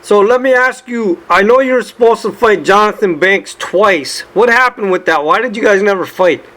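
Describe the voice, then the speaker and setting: Male host, high voice, casual questioning. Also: moderate pace, fairly bright tone. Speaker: interview host. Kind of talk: interview questions.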